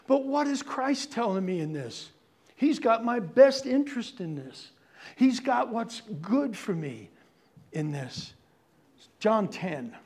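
A man preaching a sermon as pastor, earnest and pleading, moving between loud drawn-out lines and hushed near-whispers. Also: high voice, very animated.

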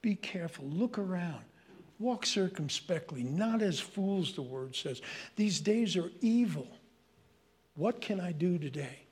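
An older man with a New York accent, preaching a sermon in an animated, joking way that turns into rants. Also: high voice, slow, breathy edge. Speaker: pastor.

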